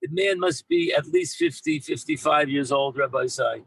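A man who heads a yeshiva, telling an anecdote in an animated way to his former students, mixing in Hebrew and Yiddish words and often repeating himself as he goes. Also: on the high side, normal speed, creaky, husky, dry recording, rough recording. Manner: frequent repeats and restarts. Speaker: rabbi and yeshiva head. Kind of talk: storytelling talk to former students.

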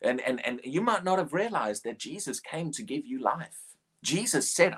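A man preaching and praying aloud, earnest, often repeating words as he starts a line, slowing down to lead a prayer. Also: on the high side, very animated, husky. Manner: slow, deliberate prayer-leading. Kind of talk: prayer and sermon.

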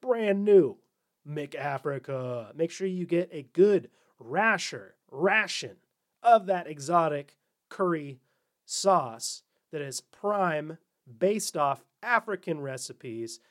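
A man's voice: on the high side, expressive, slow pace. A man hosting a comedy podcast, delivering a sarcastic monologue and slipping into mocking corporate voices. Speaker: podcast host.

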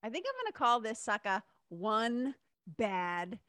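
A woman hosts a casual solo podcast, chatty and enthusiastic, laughing often. Her voice is a bit higher than most and sharply bright. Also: big pitch swings, unhurried, no echo. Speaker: podcast host.

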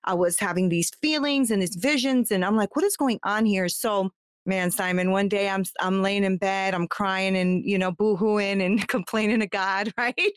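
A woman's voice: mid-range voice, moderate pace, smooth, no echo, studio quality. A woman, a guest from the United States, telling her life story in a heartfelt, talkative way with many fillers and restarts. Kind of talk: candid personal storytelling.

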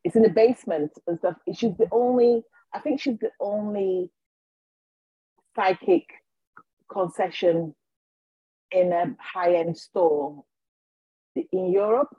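A woman, a guest on a podcast, telling her personal story in an animated way and acting out what people said to her. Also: mid-range voice, slow pace, long pauses, breathy edge, no echo, dull audio. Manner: animated, acts out quoted dialogue. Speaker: guest, healer and intuitive.

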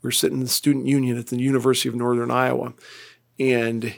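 Middle-aged male pastor, gravelly mid-range voice, plainspoken and earnest in devotional teaching. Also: mid-range voice, level tone, fast talker. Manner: earnest, plainspoken, ends in prayer.

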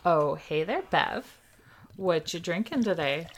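A woman co-hosting a farm comedy podcast in casual chat, chatty and quick to laugh. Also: fairly low pitch, lively intonation. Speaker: podcast co-host.

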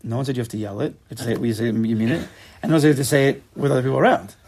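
A man teaching a religious study class, explaining quickly and mixing in Hebrew terms. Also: medium pitch, a little mellow, a little hiss or hum.

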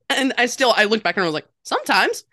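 A woman's voice: on the high side, fast, no room sound, clean studio sound. Chatty woman, lots of laughs. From North Carolina. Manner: animated, self-deprecating, laughs often. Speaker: podcast guest. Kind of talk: casual conversational storytelling.

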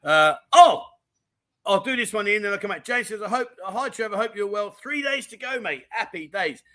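A man hosting a casual livestream, chatty and animated, reading out viewer comments with plenty of slang. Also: high voice, normal speed. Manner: chatty and animated, full of mate and diamond geezer slang. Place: home in Thailand.

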